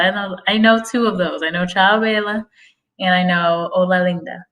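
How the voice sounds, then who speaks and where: A woman's voice: lowish voice, brisk, fairly bright tone, poor audio. Chatty woman hosting a live stream. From United States. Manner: chatty, reads and answers viewer comments. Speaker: livestream host. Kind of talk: casual livestream chat.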